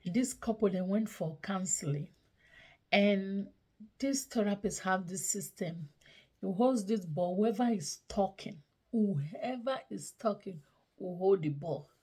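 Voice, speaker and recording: A woman hosting her own channel, giving casual relationship advice, often slipping into soft breathy half-whispers and repeating points slowly for emphasis. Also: mid-range voice.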